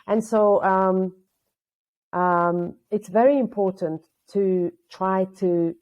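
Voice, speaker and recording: Non-native English woman guest, lively storyteller, slightly dull video-call sound. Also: mid-range voice, takes it slowly. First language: not English. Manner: lively storyteller, acts out quotes. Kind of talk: casual conversation on a video call.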